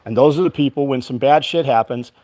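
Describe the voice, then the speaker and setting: A man's voice: mid-range voice, brisk, a little mellow, no room sound. A man who runs his own company, ranting bluntly and with heavy swearing about work ethic to his livestream audience. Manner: quotes his own past exchanges. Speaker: business owner and show host. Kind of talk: casual livestream talk.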